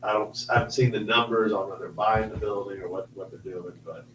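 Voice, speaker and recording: A Southern man with a lowish voice hosts a casual meeting, rambling loosely and trailing off into asides. He sounds off the mic in a roomy space with a faint hum behind him. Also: fairly even intonation, quick pace, a bit bright, recorded from a distance. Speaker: host.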